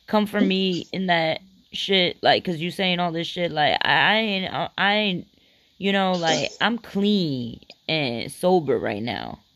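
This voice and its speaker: A person in casual chat with a laid-back, halting way of talking who often repeats words. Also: medium pitch, expressive, fairly bright tone, no echo.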